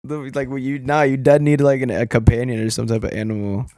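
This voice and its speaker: A man's voice: medium pitch, level tone, fast, darkish tone, no room sound, clean studio sound. A young man hosting a podcast in casual chat, laid-back, laughing often and trailing off mid-sentence. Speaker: podcast host.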